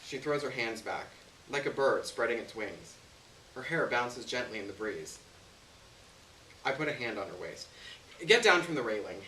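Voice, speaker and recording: Expressive male reader in a roomy hall. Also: medium pitch, moderate pace, long pauses. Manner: expressive storytelling. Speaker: story reader. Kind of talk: live literary reading, first-person narration. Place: stage venue. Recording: roomy, distant, faint hiss.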